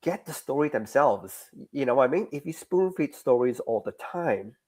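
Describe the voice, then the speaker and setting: A middle-aged Australian man, a guest creator in a casual interview, explaining his writing in an animated way and acting out lines of dialogue. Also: mid-range voice, normal speed, breathy edge. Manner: animated, acts out dialogue examples.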